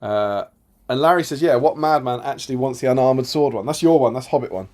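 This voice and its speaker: A man's voice: medium pitch, fast talker, a little mellow. A man co-hosting a casual live stream, reading viewer comments aloud with a chatty, laughing manner. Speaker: co-host reading chat comments.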